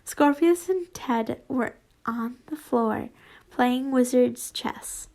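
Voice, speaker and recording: Slow, high-voiced woman reading fan fiction. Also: creaky, darkish tone. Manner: casual, swears and laughs in asides. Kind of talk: reading fan fiction aloud with chatty asides.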